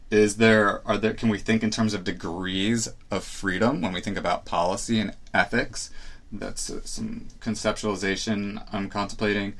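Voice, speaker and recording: Low gravelly man musing aloud. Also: fairly bright tone. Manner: rambling, hesitant, self-reflective. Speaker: podcast host. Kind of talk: casual solo podcast talk. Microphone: live stream setup.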